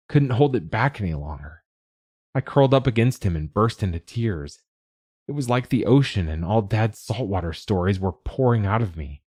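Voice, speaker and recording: A man reading first-person narration for an audiobook in a measured, expressive way. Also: deep voice, slightly rough, dry recording, clean studio sound.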